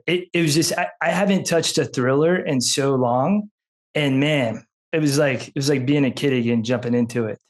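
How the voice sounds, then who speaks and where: A man hosting a podcast who asks his questions casually, often repeating words and restarting his sentences. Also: medium pitch. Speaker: podcast host.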